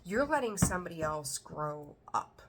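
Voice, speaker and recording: A woman's voice: on the low side, big pitch swings, moderate pace, noisy background. A woman giving a casual tarot reading, talking bluntly and chattily, swearing now and then. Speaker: tarot reader.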